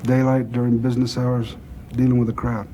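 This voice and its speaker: An actor playing an older crime boss with a gruff, gravelly, blunt and profane way of talking, in a film scene. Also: male voice, medium pitch, level tone, a little fast, warm tone, slight background noise, lightly acted. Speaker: crime boss planning a heist. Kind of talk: film dialogue.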